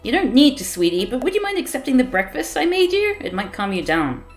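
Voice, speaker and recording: A woman's voice: high-pitched, very animated, a little fast, soft background music, pitched above the performer's own voice. A woman doing a patient, coaxing mom. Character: caring middle-aged mother, patient and practical. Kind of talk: reading a visual novel aloud.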